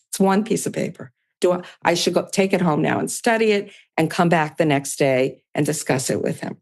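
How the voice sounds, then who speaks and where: A woman's voice: lowish voice, lively intonation, brisk, a little mellow. An older woman, a podcast guest, telling a story in casual conversation and voicing both sides of past dialogue with small laughs.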